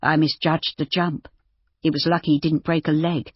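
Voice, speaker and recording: A bitter, despairing young man with a low, husky voice, voiced by a woman narrator. He speaks slowly and flatly, and the recording sounds dry and a little dull. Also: dry recording. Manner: slow, flat and weary.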